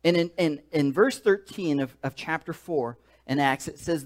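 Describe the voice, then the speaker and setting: A male pastor with a slightly high voice preaches a sermon in an emphatic, animated way. He repeats words and restarts phrases as he builds his story. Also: normal speed, few pauses.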